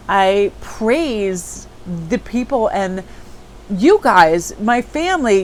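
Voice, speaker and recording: Woman, tarot vlog host, warm-hearted spiritual chatter, average pitch, faint noise floor. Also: low-quality recording. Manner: upbeat, spiritual, chatty storytelling. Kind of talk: casual reflective monologue.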